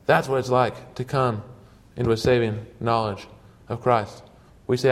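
A man's voice: mid-range voice, fairly even intonation, moderate pace, few pauses. Earnest male preacher in short phrases. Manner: earnest storytelling, speaks in short emphatic phrases. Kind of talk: sermon.

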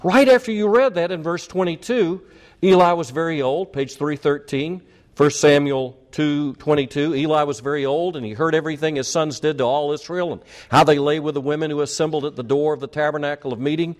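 A male pastor delivers a sermon in a slightly high voice. He preaches emphatically, repeating his points and firing off rhetorical questions. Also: brisk.

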